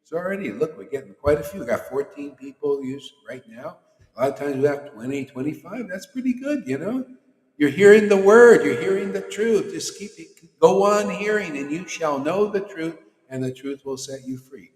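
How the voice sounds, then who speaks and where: On a devotional livestream, a spiritual teacher leads a chanting session with a slightly mellow voice on the high side, lively intonation, and a moderate pace. He preaches in a relaxed, slangy style, often teasing and frequently laughing.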